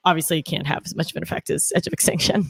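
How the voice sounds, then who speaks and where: A woman's voice: deep voice, rapid-fire, a bit bright, breathy edge, dry recording. A woman with a Boston accent co-hosting a podcast, chatting casually with hesitant starts and fillers. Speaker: podcast co-host.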